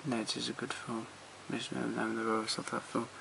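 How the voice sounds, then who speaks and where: A man's voice: mid-range voice, flat delivery, fast talker, vocal fry, background noise. A man walking through his film collection at home in a casual, rambling way, blunt and opinionated, swearing freely and trailing off between titles, recorded on a handheld camera.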